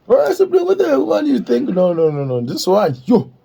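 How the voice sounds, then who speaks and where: A man's voice: very high voice, huge pitch swings, moderate pace, creaky, dark tone, breathy edge. A man co-hosting a podcast, bantering boisterously and laughing often in casual chat. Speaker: podcast co-host.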